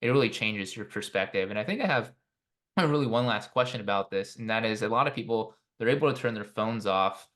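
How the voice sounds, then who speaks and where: Earnest low-voiced male podcast host. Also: fairly quick, a bit bright. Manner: earnest, repeats "right?" often. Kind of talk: interview questions and reflection.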